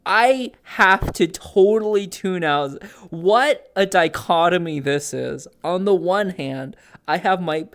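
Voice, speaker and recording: A woman streamer chatting casually with her viewers, bubbly, swinging between soft murmurs and high squeals. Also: slow. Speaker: live streamer.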